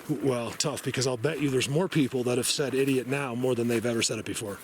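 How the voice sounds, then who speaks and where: Walking through a forest, a man vlogs to camera in a mid-range, steady voice, talking fairly quickly with few pauses. He rambles defiantly, chuckles at his own jabs, and is sometimes out of breath, all captured in noisy outdoor camera audio.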